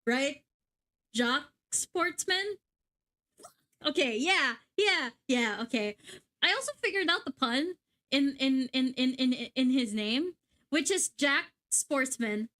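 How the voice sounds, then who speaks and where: A woman's voice: sits high, pushed and bright. A young woman VTuber commenting casually on a game, giggling, swearing and stumbling over words in a sleepy way. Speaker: VTuber streamer.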